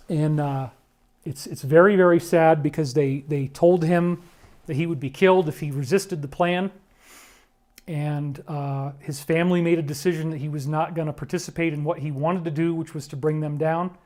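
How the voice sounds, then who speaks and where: A man's voice: a little high, darkish tone. A man talking through a series of photos in an earnest, emphatic monologue, often addressing listeners directly. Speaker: commentator.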